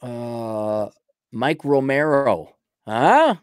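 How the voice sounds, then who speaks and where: A man's voice: medium pitch, animated, extremely slow, clear, resonant tone, no echo. Man, livestream co-host, casual banter, playful and jokey, dry close sound. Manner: playful, jokey, trails off while thinking.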